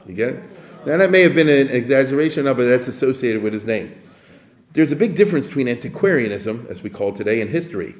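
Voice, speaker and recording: A man lectures in a loose, conversational way, wandering off on tangents and checking that his listeners follow. His voice sits at an ordinary pitch, and the room around him gives it a noticeable echo. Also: lively intonation, quick pace. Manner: conversational, digressive, asks the audience for assent. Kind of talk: informal lecture.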